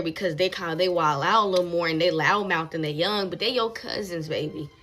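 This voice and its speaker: Woman commentator, emphatic lecturing delivery, lowish voice, faint music underneath. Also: brisk, a bit bright. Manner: emphatic, lecturing, repeats words for stress. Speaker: social media commentator. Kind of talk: direct-to-camera commentary.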